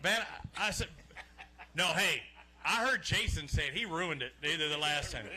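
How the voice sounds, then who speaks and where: Man, fishing weigh-in emcee, sharp bright tone, slightly high voice, joking and chatty. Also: expressive, moderate pace. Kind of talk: live event hosting. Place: outdoor lakeside weigh-in stage.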